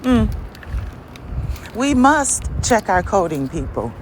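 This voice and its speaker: A woman hosting her podcast, preaching in an emphatic monologue full of rhetorical questions and laughs, with dramatic swings between high and low. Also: sing-song, slow pace, a little hiss or hum. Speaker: podcast host.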